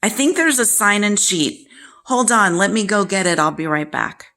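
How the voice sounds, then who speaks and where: A woman's voice: medium pitch, moderate pace, sharp tone. A woman impersonating her harsh, scornful father as she retells how he belittled her, his lines raised and sneering. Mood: mocking.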